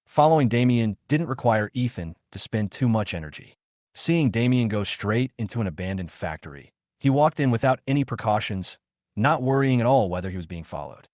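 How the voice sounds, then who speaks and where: A man narrating a comic story recap in a steady, scripted read. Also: fairly low pitch, dry recording, clean studio sound.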